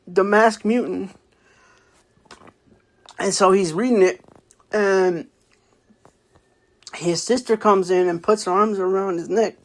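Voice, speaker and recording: Casual book-review host, rambling delivery, lots of fillers and self-corrections. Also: mid-range voice. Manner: rambling, many fillers and restarts; acts out characters' lines in a raised voice. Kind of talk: casual spoken book review, retelling the plot.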